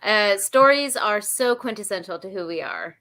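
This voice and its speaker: A woman hosting a livestream interview, appreciative and quick to laugh. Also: mid-range voice, lively intonation, bright, forceful tone. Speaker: podcast host.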